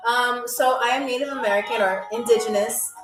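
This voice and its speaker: A woman's voice: fairly high pitch, fairly even intonation, brisk. A woman from New York hosting a live trivia game show, chatty and playful, talking straight to her viewers. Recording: echoey room, distant mic, faint music.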